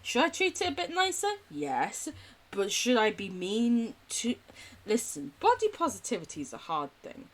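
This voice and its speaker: A woman's voice: a little high, huge pitch swings, moderate pace. A young adult woman streaming a game, chatting casually in a bubbly way and laughing often. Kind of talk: casual gameplay commentary.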